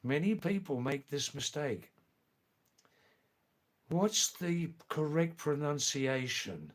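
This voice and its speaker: A man's voice: a little high, animated, takes it slowly. A man live streaming, chatting in a rambling way and answering viewers by name.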